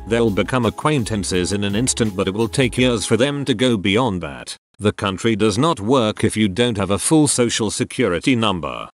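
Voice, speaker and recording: A man narrating forum posts aloud in a scripted reading, dropping low on list headings. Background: faint background music.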